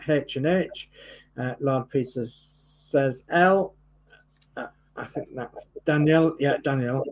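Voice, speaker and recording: Man, livestream host, friendly chat reading, higher voice, unhurried. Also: darkish tone, low-quality recording. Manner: friendly, reads viewer names and greetings. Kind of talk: reading chat on a live stream.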